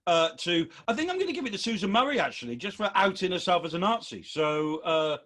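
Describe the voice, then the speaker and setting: A man's voice: sits high, big pitch swings, fast talker, a bit bright. A man hosting a comedy quiz podcast, chatty and laughing easily. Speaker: quiz host. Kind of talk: comedy panel podcast chat.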